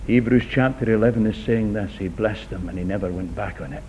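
A middle-aged man preaching a sermon in a church hall, earnest and dramatic, swinging from loud appeals to hushed near-whispers and repeating key phrases for emphasis. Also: fairly quick. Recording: echoey, dull recording with low rumble.

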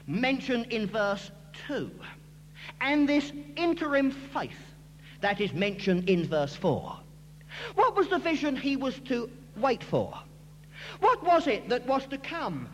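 A man with a very high, lively voice preaches emphatically, swooping up and down as he presses each point home. His words ring out with a long reverb through a large hall. A faint hum sits underneath. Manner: emphatic, rising and falling delivery. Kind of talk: expository sermon.

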